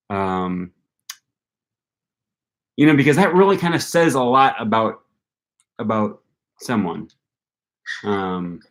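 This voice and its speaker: Rambling and chatty, a young adult host of a language-learning channel muses aloud to viewers on a casual livestream, with many ums and likes. He has a Wisconsin accent and a voice on the low side.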